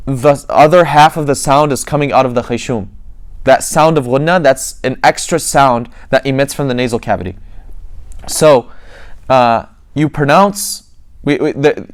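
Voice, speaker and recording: A man's voice: mid-range voice, clean tone. A man teaching a lesson, explaining step by step, repeating words and demonstrating each sound himself. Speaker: tajweed teacher. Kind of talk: classroom lesson.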